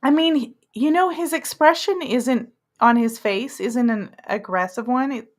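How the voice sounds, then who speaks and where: A woman hosts a loose, rambling podcast conversation. Her voice sits a little high, and she often leaves thoughts unfinished before picking up a new one. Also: measured pace. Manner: chatty, trails off mid-thought. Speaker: podcast host. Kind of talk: casual conspiracy chat.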